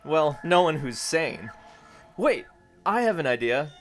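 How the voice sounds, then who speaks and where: A man's voice: a little high, big pitch swings, unhurried, soft background music. A man doing a goofy time-travelling oddball. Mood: excited. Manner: goofy, chatty, giggly.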